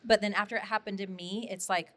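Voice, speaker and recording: A woman in her thirties, a podcast guest, talking in casual conversation in an emphatic, animated way. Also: medium pitch, fast talker. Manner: emphatic and animated, frequent "oh yeah" affirmations.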